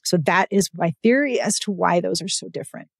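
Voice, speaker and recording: A woman's voice: lowish voice, a little fast, vocal fry, slightly rough, dry recording, clean studio sound. A woman hosting a podcast, talking casually and emphatically about books and reading. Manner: emphatic, animated storytelling. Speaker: podcast host. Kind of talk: casual chat.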